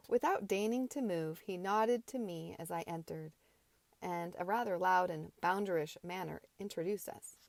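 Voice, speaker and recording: Low-voiced woman reading an audiobook. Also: unhurried, creaky, dry recording. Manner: relaxed, unpolished reading, with occasional restarts. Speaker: audiobook reader. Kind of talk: amateur audiobook narration.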